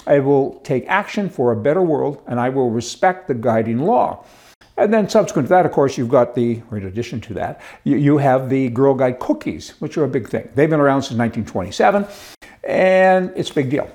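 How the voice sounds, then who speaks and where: A man's voice: mid-range voice, animated, a little fast, darkish tone. Rambling scornful male commentator. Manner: rambling, scornful, with chuckles and restarts. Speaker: commentary show host. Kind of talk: opinionated monologue.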